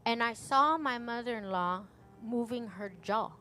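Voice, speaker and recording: A woman's voice: on the high side, unhurried, pushed and bright, soft background music. A woman pastor earnestly retelling a family story during a sermon testimony.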